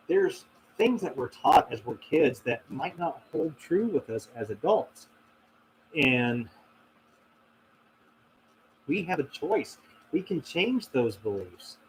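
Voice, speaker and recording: A man's voice: mid-range voice, darkish tone, slight background noise, low-quality recording. A man hosting a casual question-and-answer stream, talking in a reflective, rambling way with many fillers and restarts. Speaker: host answering viewer questions. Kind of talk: casual livestream Q&A.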